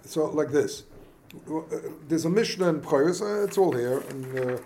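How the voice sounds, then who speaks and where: Man, high voice, informal Talmud lecture, halting and repetitive, rhetorical questions, faint hiss. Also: animated, mellow. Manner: halting, repeats words, asks rhetorical questions; mixes Yiddish-Hebrew study terms into speech. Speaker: rabbi teaching Talmud class.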